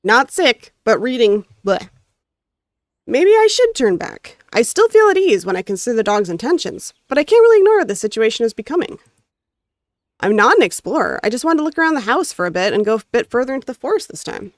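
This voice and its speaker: Very animated and quick, her fairly high voice comes through clean studio audio without any room sound. The woman, who has a North American accent, reads the visual novel's story with expression while chatting casually with her stream.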